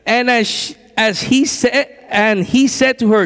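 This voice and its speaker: A man preaching a sermon in a church, telling the story in a lively way and acting out what people said. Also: very high-pitched, measured pace, hardly any pauses, smooth. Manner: lively storytelling, acts out quotes with laughs. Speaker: guest preacher. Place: church sanctuary. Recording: long church hall reverb.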